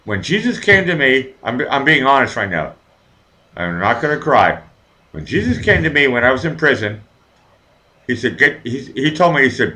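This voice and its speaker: Animated, profane man chatting live. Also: medium pitch, moderate pace, rough recording. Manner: rambling, profane, animated storytelling. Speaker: show host. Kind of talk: casual live chat.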